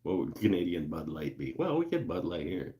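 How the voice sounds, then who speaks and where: A man's voice: sits low, huge pitch swings, brisk, gravelly, warm tone. A man hosting a casual livestream from his woodworking shop, chatting loosely and jokingly with viewers. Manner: laid-back, joking, lots of fillers and laughs. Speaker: livestream host. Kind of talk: casual livestream chat reading viewer comments.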